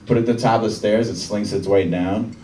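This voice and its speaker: Deadpan young man doing stand-up. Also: on the low side, brisk, slight background noise. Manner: deadpan, dry one-liners. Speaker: stand-up comedian. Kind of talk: stand-up routine. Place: comedy club with live audience. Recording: roomy club sound from a distant mic, crowd laughter.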